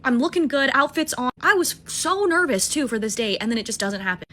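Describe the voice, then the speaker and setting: A woman's voice: high-pitched, expressive, fairly quick, a bit bright. A woman in her twenties, a musical theater student, telling a date story in a casual, self-mocking way with lots of swearing and acted-out dialogue. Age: 20s.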